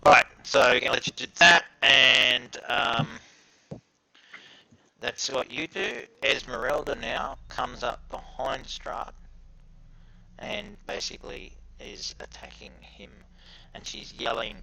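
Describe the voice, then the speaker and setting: A man running an online tabletop game as game master, talking haltingly with many fillers. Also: mid-range voice, animated, creaky, bright, forceful tone, slight background noise, rough recording.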